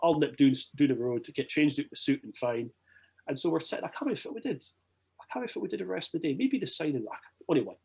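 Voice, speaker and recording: A young Scottish man telling a long rambling story as a podcast guest, animated and swearing freely. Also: on the high side, rapid-fire, gravelly, breathy edge. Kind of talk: casual storytelling.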